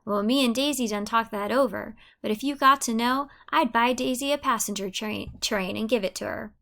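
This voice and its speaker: A woman's voice: a little high, moderate pace, gravelly, fairly bright tone. A woman reading the part of a teasing young man vying for a girl, boasting in rural dialect. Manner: mock-earnest boasting in dialect.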